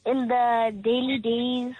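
A woman's voice: fairly high pitch, flat delivery, slow, slightly rough, no echo, narrow, tinny audio, soft background music. A young girl calling in to a radio show, giving shy, short answers. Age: child. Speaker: child caller. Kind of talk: phone-in chat.

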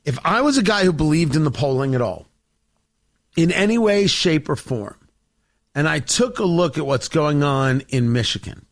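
Male political show host, high-pitched and very animated, sarcastic monologue delivery. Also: normal speed. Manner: sarcastic, theatrical, addresses the audience directly.

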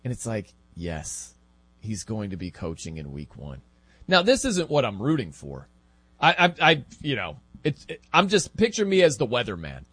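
A man hosting a casual sports talk show, chatty and animated, with laughing asides. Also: fairly low pitch, normal speed, slightly rough, dry recording.

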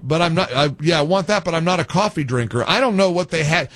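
Brief: middle-aged male talk radio host, sarcastic and lively, fairly high voice, dry studio sound. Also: quick pace, no echo. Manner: animated, sarcastic, wisecracking.

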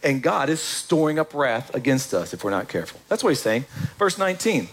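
Guy preaching a sermon, chatty and animated, voice bounces up and down a lot. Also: mid-range voice, slightly rough. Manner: animated, conversational preaching with quick asides. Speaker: pastor.

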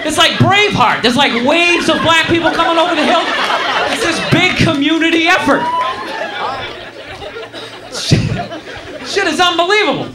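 A man with a very high voice doing live stand-up in a comedy club, telling his story in an animated way and acting out characters. The room sounds roomy and echoey, with a clearly audible crowd and background noise. He talks into a stage mic. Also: moderate pace, long pauses.

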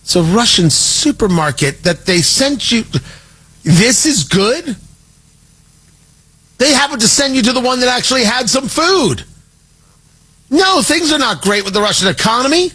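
A man's voice: very high voice, very animated, moderate pace, pushed and bright, husky. A man delivering a sarcastic, exasperated political opinion monologue as a commentator.

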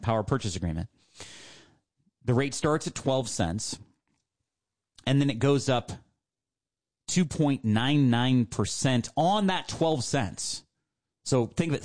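A male radio host giving a persuasive sales pitch from a studio, emphatic and repeating his key points. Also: darkish tone.

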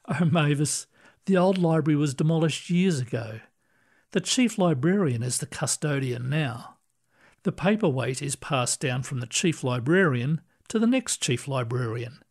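A man doing a kindly, gentle ghost librarian. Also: a little high, lively intonation, unhurried. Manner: gentle, reassuring, soft-spoken.

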